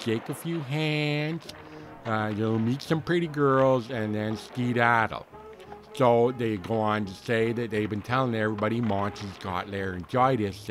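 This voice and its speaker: A man doing a folksy storyteller, rambling, slangy, lively up-and-down voice, faint music behind. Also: mid-range voice. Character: folksy rambling man telling a tall tale. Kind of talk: comic character monologue.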